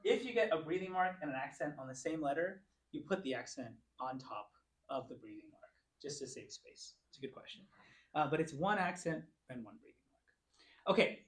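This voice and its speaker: Picture a man at the front of a church classroom, walking students through unfamiliar words syllable by syllable. His pitch swings widely and he praises each try. The pace is patient and clear. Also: animated. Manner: encouraging, sounds out words slowly. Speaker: Bible class teacher. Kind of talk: classroom teaching.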